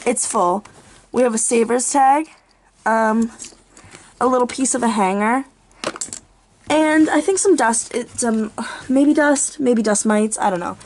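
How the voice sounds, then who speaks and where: A woman's voice: fairly high pitch, unhurried, pauses often, slight background noise. A young woman giving a goofy, playful tour of her bedroom for her channel, tossing in jokey asides. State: out of breath. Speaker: vlogger. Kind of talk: casual room tour.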